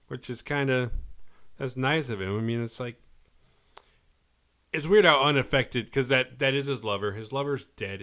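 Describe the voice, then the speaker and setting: A man casually recapping a horror movie on his podcast, acting out characters' lines as he goes. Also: medium pitch. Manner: animated retelling, quick quoted voices for characters.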